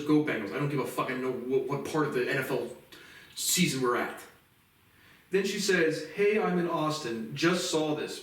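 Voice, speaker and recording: A man in his late twenties ranting bitterly to camera in a profane personal monologue. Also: fairly high pitch. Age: late 20s. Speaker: vlogger. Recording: echoey room from far off.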